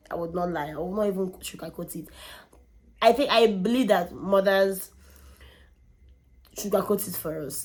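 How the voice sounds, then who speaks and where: Animated woman telling a story. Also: fairly low pitch. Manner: animated, repeats words for emphasis. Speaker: vlogger. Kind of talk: candid storytelling vlog.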